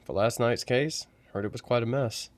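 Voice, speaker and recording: A man's voice: mid-range voice, moderate pace, dry recording, close to an everyday voice. A man voicing a stern older male armory sergeant who lectures about guns.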